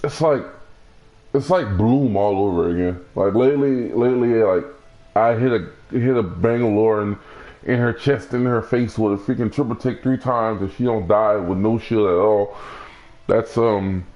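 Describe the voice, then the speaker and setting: Young male gaming streamer, low voice, loose rambling delivery, muffled lo-fi stream sound. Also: normal speed, a little mellow. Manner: rambling, many restarts and fillers. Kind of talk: casual gaming commentary.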